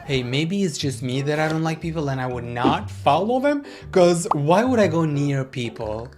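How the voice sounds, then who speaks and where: A video creator giving casual, sarcastic reaction commentary with quick mocking asides. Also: medium pitch, animated.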